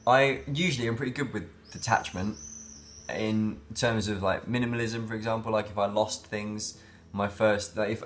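A man's voice: on the low side, fairly bright tone. A man talking in a casual daily vlog, rambling and reflective, with many fillers and restarts. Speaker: vlogger.

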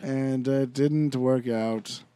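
A man's voice: mid-range voice, steady tone, drawn-out words, dark tone, clean tone, dry recording, pitched below the performer's own voice. A man playing a courteous, naive young castle guard in an improvised comedy bit, talking in a put-on polished accent. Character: polite young male castle guard, dreamy storyteller. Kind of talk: improvised comedy role-play.

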